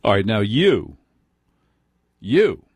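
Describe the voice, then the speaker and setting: A man's voice: on the low side, big pitch swings, drawn-out words, crowd noise. A man hosting a late-night call-in radio show, wry and self-mocking as he chats with callers. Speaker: radio talk show host. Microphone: studio microphone.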